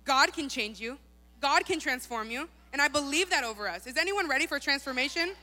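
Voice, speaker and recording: A woman's voice: high voice, animated, fairly quick, sharp tone. A young woman preaching a sermon in a church hall, casual and chatty. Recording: long hall reverb.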